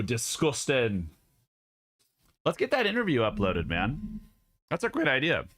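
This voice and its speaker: Animated, loose-talking young man streamer. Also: on the high side. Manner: loose, profane, rambling with many restarts. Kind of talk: casual live stream chat. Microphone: studio dynamic mic.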